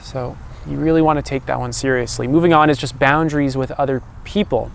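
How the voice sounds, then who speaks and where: A young man, a personal growth coach, talking in a calm and loose way, often ending thoughts with "right?" and restarting sentences. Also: mid-range voice, brisk, gravelly, slight background noise. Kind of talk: casual reflective monologue.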